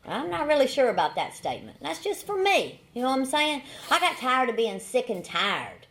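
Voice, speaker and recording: A woman's voice: sits high, big pitch swings, moderate pace, fairly bright tone, a little hiss or hum. Folksy Southern woman telling her story. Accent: Southern American. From Southern United States. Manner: folksy storytelling with repeated phrases and dry humor. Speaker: AA speaker. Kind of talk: recovery testimony talk.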